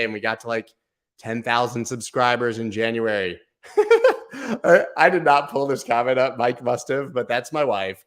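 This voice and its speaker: A man hosting a casual livestream giveaway, chatty and playful, now and then slipping into a booming sports-announcer voice. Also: fairly bright tone. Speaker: livestream host.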